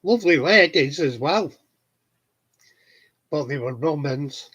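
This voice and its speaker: Slow, bright-voiced Yorkshire man. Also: a little high, lively intonation, slightly rough, highs cut off. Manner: cheeky anecdote-telling, plain-spoken. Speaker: hobbyist vlogger answering viewers. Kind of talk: casual chat. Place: home garden shed.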